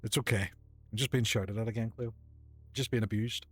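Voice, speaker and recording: A man's voice: lowish voice, steady tone, a little fast. A man, chatting casually while streaming a game from his desk at home, jokey and self-mocking. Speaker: streamer playing a video game. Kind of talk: casual gaming chat. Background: faint game music.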